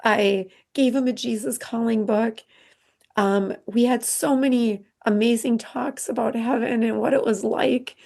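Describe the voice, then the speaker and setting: Earnest, halting middle-aged woman, higher voice. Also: steady tone, vocal fry, darkish tone. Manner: earnest, halting, many restarts. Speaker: podcast guest. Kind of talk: emotional personal storytelling.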